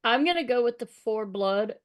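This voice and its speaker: A woman playing a tabletop game, explaining her moves in a measured way. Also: on the high side, animated. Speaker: player.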